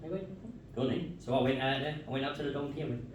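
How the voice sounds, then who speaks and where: A man doing a stand-up comedy set, telling jokes in a deadpan storytelling way and chuckling at his own punchlines. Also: mid-range voice, racing, slight background noise. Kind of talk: stand-up set with crowd work. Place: comedy club stage. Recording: echoey club room, mic far off.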